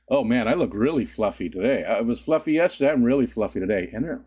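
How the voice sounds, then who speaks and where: A man's voice: animated, quick pace, hardly any pauses, darkish tone, husky. A man hosting a casual livestream, just woken up, chatting with viewers and greeting them by name. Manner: rambling, greets chat, sudden squeaky voice cracks and laughs. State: just woke up. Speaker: livestream host.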